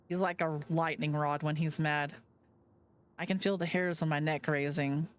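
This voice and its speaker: A woman's voice: low voice, steady tone, normal speed, slight background noise. A woman streamer reading a visual novel aloud live, chatting and reacting between lines. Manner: chatty, reacting as she reads.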